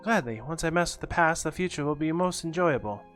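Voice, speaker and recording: A man's voice: on the high side, expressive, a little fast, a bit bright, soft background music. A man reading as an eager young explorer. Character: bold adventurous young male explorer.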